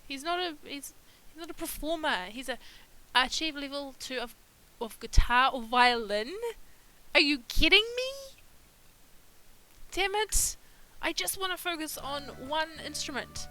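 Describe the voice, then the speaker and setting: A woman's voice: high voice, moderate pace, sharp tone, low-quality recording. A woman giving casual let's-play commentary, chatting to her game characters and laughing often. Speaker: gaming YouTuber.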